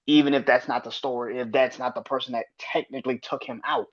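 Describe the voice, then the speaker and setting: A man's voice: medium pitch, fairly even intonation, quick pace. Blunt, profane man ranting on a podcast. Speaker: podcast host. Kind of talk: casual wrestling commentary podcast. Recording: slightly dull lo-fi audio.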